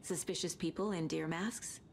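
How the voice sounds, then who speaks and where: An actress playing a composed female FBI agent who questions people calmly and directly. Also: fairly low pitch, moderate pace, creaky, slight background noise.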